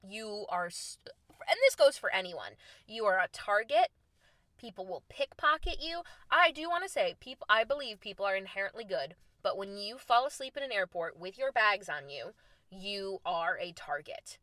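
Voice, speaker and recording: A young woman telling a travel story in a casual, lively way, acting out the lines she quotes. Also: moderate pace, no echo. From United States. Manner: animated, acts out quoted lines with big pitch jumps. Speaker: storyteller host.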